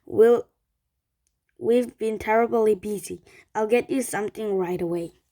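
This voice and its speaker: A woman voicing a doubtful, fretful mother who pleads and frets, reading slowly. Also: mid-range voice, warm tone.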